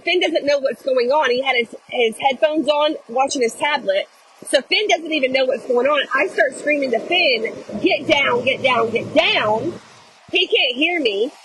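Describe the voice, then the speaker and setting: A middle-aged woman telling a dramatic story to her viewers in a casual, animated way, often saying "y'all". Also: high voice, low-quality recording. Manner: animated, addresses viewers as "y'all", acts out shouting.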